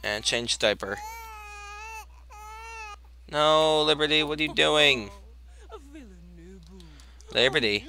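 A man's voice: fairly high pitch, slow, vocal fry, long pauses, bright, forceful tone, clean tone. A young man giving casual let's-play commentary, chatting to the characters on screen and bursting out in exasperation now and then. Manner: chatty, talks to his sims, exasperated outbursts. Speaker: gameplay commentator.

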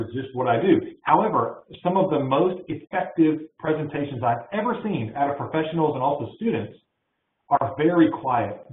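A man presenting a webinar, answering audience questions in an energetic, hand-waving way from his office. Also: medium pitch. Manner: energetic, talks with his hands. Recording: echoey, tinny phone-like line.

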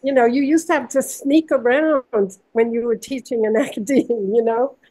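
A woman's voice: on the high side, steady tone, normal speed, low-quality recording. An older woman speaking heartfelt and gushing, laughing between phrases, on a video call. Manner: warm, gushing, laughs often. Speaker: panel guest.

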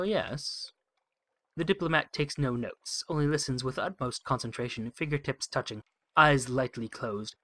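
A man hosting a game playthrough, reading text aloud and thinking out loud in a wry, musing way. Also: medium pitch. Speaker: let's play host.

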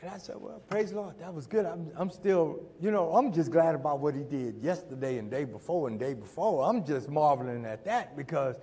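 Man preaching, storytelling sermon, very animated pitch, long church reverb. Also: a little fast, hardly any pauses, breathy edge. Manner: storytelling, acting out dialogue, building to shouts. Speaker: pastor. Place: church sanctuary.

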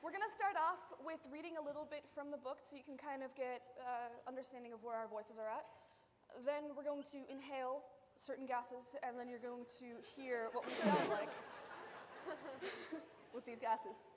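A woman's voice: high voice, normal speed, in a large hall, slight background noise. A woman presenting a live science demonstration, chatting directly with the children in the audience. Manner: chatty, addressing kids in the audience.

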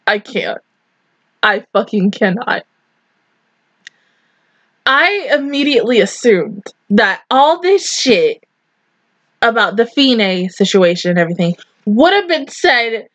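A woman giving casual anime reaction commentary, with loud disbelieving outbursts, swearing and laughter. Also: mid-range voice, no room sound, lo-fi sound.

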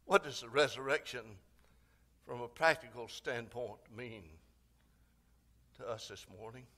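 A man's voice: mid-range voice, measured pace, sharp tone. A man preaching an Easter sermon, with dramatic swells and phrases half sung and stretched out. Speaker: pastor. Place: church sanctuary.

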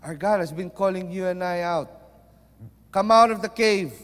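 A man preaching a sermon, mixing Tagalog into English and moving between loud and soft. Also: high voice, moderate pace. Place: church. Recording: long reverb of a large hall.

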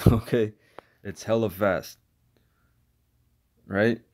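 A bible teacher goes verse by verse through scripture casually, in a slangy, loose style, dropping "man" into nearly every sentence and restarting often. His voice is on the low side, steady and a little mellow, with drawn-out words.

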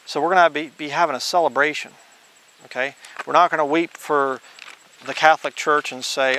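Male preacher, slightly high voice, slow scripture reading with blunt asides. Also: fairly even intonation, sharp tone. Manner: reads scripture slowly, then blunt conversational asides. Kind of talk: informal Bible teaching.

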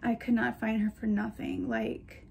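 Young woman, casual vlogger, slightly high voice, gushing and chatty. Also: level tone, measured pace, gravelly, a little hiss or hum. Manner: gushing, chatty, talks to her purses. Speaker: shopping vlogger. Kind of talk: casual chat to camera.

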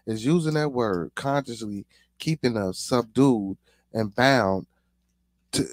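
A man's voice: mid-range voice, slow pace, no room sound. A man hosting a podcast, talking earnestly and emphatically, repeating words as he builds his point. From Chicago. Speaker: podcast host. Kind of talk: casual podcast talk.

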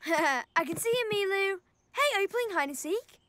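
A woman voicing Simon, a bold, playful little boy rabbit in a cartoon, with an excited, bouncy child's voice. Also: very high-pitched, normal speed.

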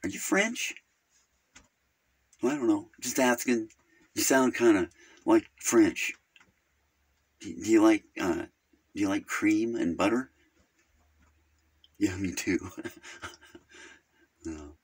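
A man's voice: lowish voice, animated, slow pace, pauses often, breathy edge, full character voice. A man playing a naive, rambling caller named Virgil who keeps drifting off topic on a phone call. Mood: chatty. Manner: rambling, easily sidetracked, crude. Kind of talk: comedic character phone call.

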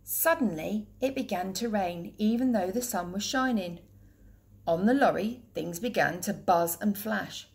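A woman teacher reading a children's picture book aloud in a clear, steady, gentle voice. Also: medium pitch, a little slow.

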